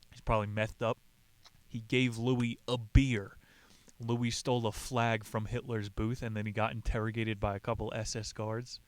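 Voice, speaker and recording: A man's voice: fairly low pitch, flat delivery, moderate pace. A young man hosting a podcast, casually retelling a book with jokes, swearing and side comments. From Southern California. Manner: loose and jokey, swears and makes asides. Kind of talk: casual storytelling recap.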